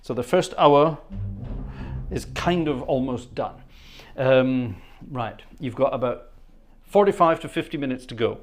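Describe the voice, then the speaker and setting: Guy rambling on his livestream, chatty, keeps laughing and thanking people, mid pitch, home setup. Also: animated, measured pace, long pauses. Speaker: livestream host and organist. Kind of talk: casual livestream chat. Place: home studio.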